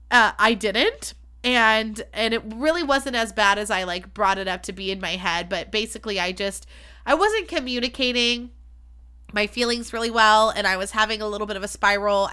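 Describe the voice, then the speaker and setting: Hosting a candid solo podcast, this woman is frank, chatty and self-deprecating, with free swearing. She has a medium-pitched voice that's bright, clean and forceful.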